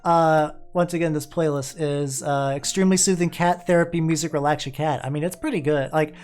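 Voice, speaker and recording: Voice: medium pitch, steady tone, darkish tone. A VTuber streamer chatting casually while painting, rambling, restarting sentences and trailing off into mumbles. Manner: quick restarts and repeated words. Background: faint music playing.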